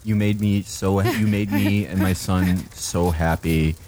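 A man playing a tabletop game, joking and animated in casual chat. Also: low voice, takes it slowly, a little hiss or hum. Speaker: player.

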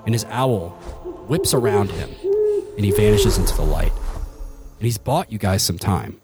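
A man's voice: on the low side, lively intonation, moderate pace, very noisy. A man narrating a tabletop game as game master, rambling with many fillers and frequent laughs.

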